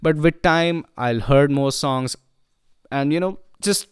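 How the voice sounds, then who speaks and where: A man's voice: a little high, measured pace, clean tone, no echo, studio quality. A man giving a casual, enthusiastic spoken review of albums, talking loosely with many fillers. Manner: enthusiastic, loose, frequent "you know" and "like" fillers. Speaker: music reviewer.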